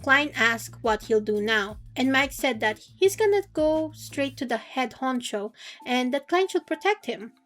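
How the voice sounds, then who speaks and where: A woman's voice: high-pitched, animated, unhurried, a bit bright, soft background music. A woman casually recapping a novel's chapters in a playful, slangy, joking way. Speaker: book recap youtuber. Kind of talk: casual chatty story recap.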